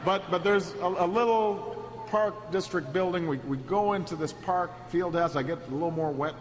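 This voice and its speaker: Man, high voice, speech storyteller, stop-start delivery with repeated words, echoey hall recording. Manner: halting, repeats words at restarts; builds to a rousing, shouted close. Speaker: political speaker. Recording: echoey hall with steady background noise.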